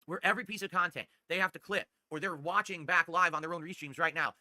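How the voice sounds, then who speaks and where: A man's voice: high voice, quick pace, few pauses, pushed and bright, no echo. A man hosting his livestream, talking into a desktop condenser mic at home and ranting in a brash, boastful way. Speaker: streamer host. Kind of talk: casual podcast-style livestream monologue.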